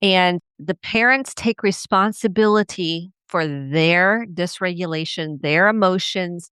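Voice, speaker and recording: Earnest woman therapist, smooth dry voice. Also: measured pace, fairly bright tone, no echo. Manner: earnest, reflective, acts out quoted parents in a higher voice. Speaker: podcast host and family therapist. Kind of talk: solo podcast teaching.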